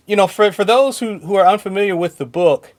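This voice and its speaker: A man's voice: sits high, a little fast, darkish tone. A man co-hosting a podcast in casual chat, talking enthusiastically and often laughing between points. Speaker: podcast co-host.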